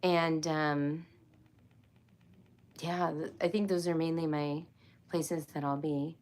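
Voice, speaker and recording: Here a middle-aged woman, loopy and tired from a long workday, hosts a relaxed livestream for homeschoolers, meandering, laughing and apologizing. Her low, a little mellow voice stays fairly even in intonation and moves slowly.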